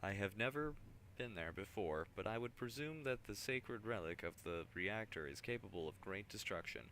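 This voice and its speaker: Man doing a stiff, zealous tech priest, low voice, sharp tone. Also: animated, moderate pace, slight background noise. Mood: grave. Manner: formal, stiff reading of game dialogue. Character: solemn male tech priest, formal and zealous.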